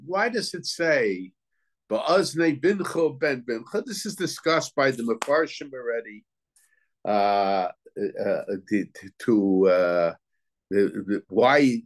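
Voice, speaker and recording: A man teaching as a rabbi in a Torah lecture. He reasons aloud, asks questions, and often halts to search for words and restart. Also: medium pitch.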